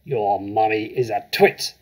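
A man's voice: medium pitch, sing-song, a little fast, a little mellow, breathy edge. A man reading aloud, voicing a huge, bullying headmistress who barks and bellows at a child. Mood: bellowing. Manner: barking, bellowing.

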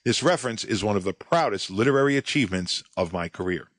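Man, podcast host, sardonic storytelling, animated pitch, dry close sound. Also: fast, no echo. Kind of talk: scripted monologue.

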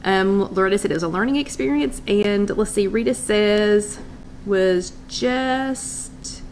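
A chatty woman with a drawl hosts a live stream from her loft at home. Her voice sits at an average pitch. She greets viewers one by one and thinks out loud while she reads comments. A faint hiss sits under the home recording. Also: unhurried. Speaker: host of a live wellness chat. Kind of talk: casual livestream chat reading comments.

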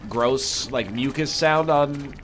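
A man's voice: medium pitch, takes it slowly, fairly bright tone, a little hiss or hum. A man with a congested, nasal voice, giving rambling, jokey commentary as he plays a game. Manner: rambling, jokey, tangent-prone. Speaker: gaming YouTuber. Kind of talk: let's play commentary.

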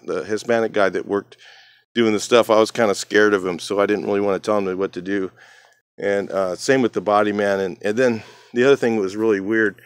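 A man's voice: fairly low pitch, a bit bright, dry recording, studio quality. A man casually telling a rambling story from his old job, full of fillers, acting out what others said. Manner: rambling, many fillers, acts out other people's lines. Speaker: channel host.

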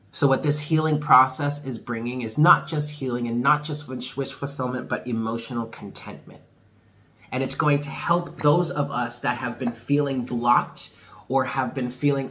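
A man's voice: mid-range voice, pushed and bright. A man doing a casual tarot reading for viewers, chatty and candid, laughing often. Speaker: tarot reader.

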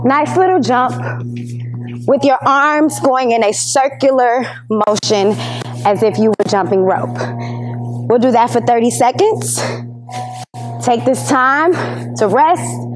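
A woman's voice: on the high side, slow, pauses often, soft background music, rough recording. A woman leading an exercise lesson as a PE teacher, counting down reps and encouraging while she works out, slightly out of breath.

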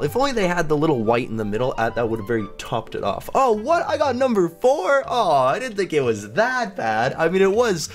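Giggly young man narrating his gameplay. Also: fairly high pitch. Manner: giggly, self-mocking, chatty. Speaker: gaming YouTuber. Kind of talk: casual gameplay commentary.

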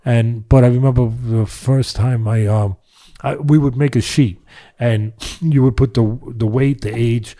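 Orta perdeden sesli yaşlı bir adam, dolambaçlı ve gündelik anlatıyor. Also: male voice, medium pitch, fairly even intonation, unhurried, hardly any pauses, mellow. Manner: rambling, many fillers and restarts. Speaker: boxing trainer and podcast guest. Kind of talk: casual storytelling.

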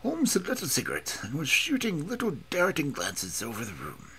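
A man's voice: a little high, huge pitch swings, normal speed, bright, forceful tone, slight background noise. A man reading a classic story aloud with dramatic, emphatic narration. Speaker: audiobook reader.

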